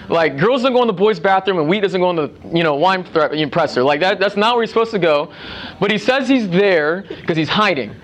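A young man giving a casual sermon to a youth group, chatty, with restarts and asides. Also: sits high. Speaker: youth speaker.

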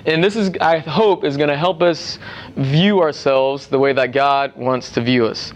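A man's voice: mid-range voice, steady tone, a little slow. A young man giving a casual sermon to a youth group, chatty, with restarts and asides. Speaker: youth speaker.

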